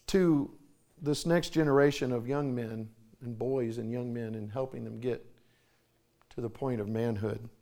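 A man preaching a sermon in a storytelling manner, often clearing his throat. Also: medium pitch, steady tone, unhurried, dark tone.

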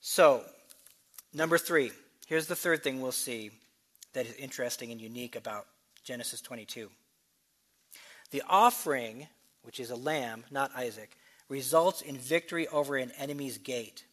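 A man's voice: mid-range voice, fairly bright tone. Man preaching an expository sermon. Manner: expository teaching, shifts between brisk asides and slow emphatic reading.

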